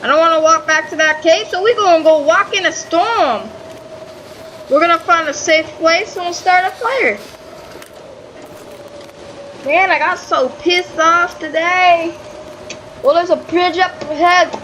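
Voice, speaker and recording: Woman gamer narrating her playthrough, swears a lot, yells at the game, bright ringing voice, bit of faint noise behind. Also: very high-pitched, unhurried, pauses often, dull audio. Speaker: gaming channel host. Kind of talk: casual let's-play commentary.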